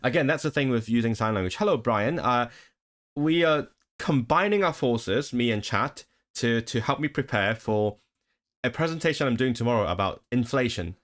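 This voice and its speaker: A man's voice: medium pitch, lively intonation, normal speed, a bit bright. A man chatting casually with his live-stream viewers, rambling with frequent laughs and restarts.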